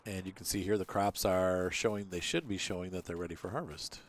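A man's voice: low voice, fairly even intonation, a little fast. A man casually commenting on his farming game as he plays, rambling and chatty, with lots of fillers. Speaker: gaming channel host.

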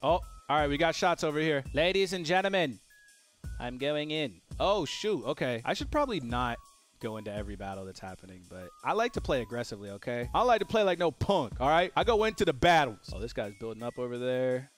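A man commentating his own gameplay as a gaming YouTuber, excitable and full of joking trash talk. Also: mid-range voice, brisk, faint music behind.

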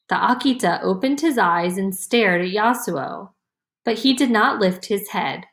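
A woman reading a children's chapter book aloud in a gentle, expressive storytelling voice. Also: mid-range voice, unhurried. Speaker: audiobook reader. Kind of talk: slow storybook narration. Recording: roomy echo.

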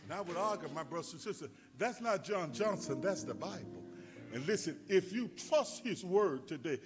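A male pastor preaching a sermon with fervent delivery that rises to shouts. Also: sits high, expressive, moderate pace, over music.

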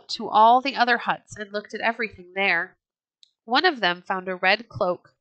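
List: woman, storybook narration, bright voice, dry close sound, gentle measured read. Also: mid-range voice, no echo.

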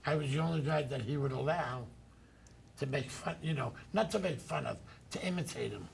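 An older man hosting a talk show, telling rambling, animated stories. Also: mid-range voice, fairly quick, gravelly, slight background noise. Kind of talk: anecdotal chat.

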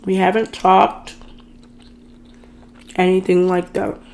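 Slow, gravelly woman telling a dramatic story. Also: fairly low pitch, flat delivery, darkish tone, a little hiss or hum. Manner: chatty, dramatic storyteller who addresses viewers directly. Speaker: food and storytime vlogger. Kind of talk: casual storytime rant.

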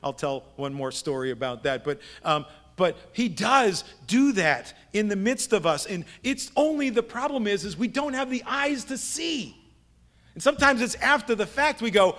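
A middle-aged pastor delivers a sermon in a fairly high male voice. He preaches like he is telling stories to friends and keeps tossing rhetorical questions at the congregation. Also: animated, normal speed, a bit bright. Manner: conversational storytelling with rhetorical questions. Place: church sanctuary.

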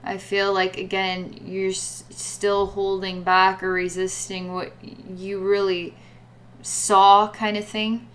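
A woman's voice: medium pitch, completely flat delivery, slow pace, slight background noise. Woman, psychic reader, guided spiritual reading, rambling, filler words, repeats herself. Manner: rambling, full of "like" and repetitions.

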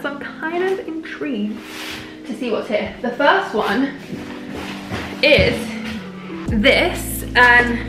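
A young woman in her twenties, chatting excitedly to camera in a casual vlog recorded at home. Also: on the high side. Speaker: lifestyle vlogger. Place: indoors at home. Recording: echoey room with background music.

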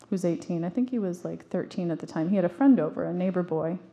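A woman's voice: fairly low pitch, warm tone. A woman in her forties giving an earnest, emphatic talk to an audience, telling stories from her own life with frequent restarts. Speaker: parenting speaker.

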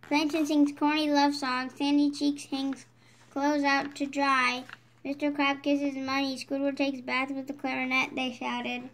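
Young woman reading a kids' book out loud, pretty high voice, clear and steady. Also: measured pace. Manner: clear, steady read-aloud narration. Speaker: storybook reader. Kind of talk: reading a children's picture book aloud.

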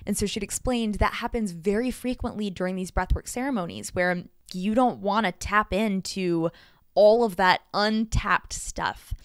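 A woman hosting her own podcast, telling a personal story in an earnest, expressive way, her loudness shifting often. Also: mid-range voice, moderate pace, clear, resonant tone, no room sound, clean studio sound. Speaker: podcast host.

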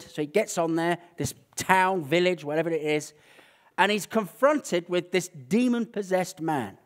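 A man with an English accent preaching a sermon, telling Bible stories with animated, acted-out energy. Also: fairly high pitch. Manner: animated storytelling, acting out scenes. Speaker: pastor.

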